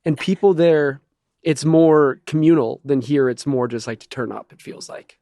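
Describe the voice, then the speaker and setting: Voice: mid-range voice, normal speed, warm tone, no room sound. A podcast host with a Midwestern American accent, asking questions in an easygoing, laughing manner. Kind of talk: casual interview chat.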